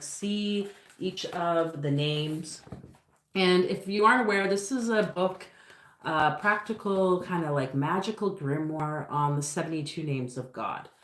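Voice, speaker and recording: There's a reverberant quality to this woman's medium-pitched voice as she gives a casual live tarot reading on her livestream. She thinks out loud with plenty of fillers and rambling, loosely strung phrases.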